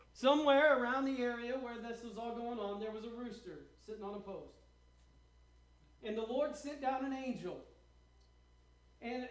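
High-voiced preacher man. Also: fairly bright tone. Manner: preaching with dramatic quoted asides and rhetorical questions. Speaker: pastor. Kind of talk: sermon.

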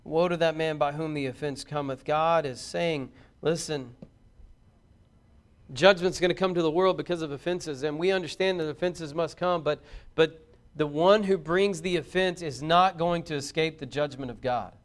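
A man preaching a sermon in a church, reading scripture and building to loud, fervent intensity. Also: fairly high pitch, moderate pace. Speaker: pastor.

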